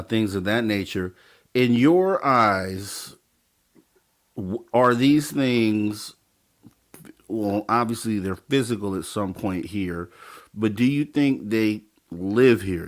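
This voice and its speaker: A male podcast host asks his guest halting questions, full of fillers and restarts. His voice is on the low side, and he talks slowly. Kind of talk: casual interview chat.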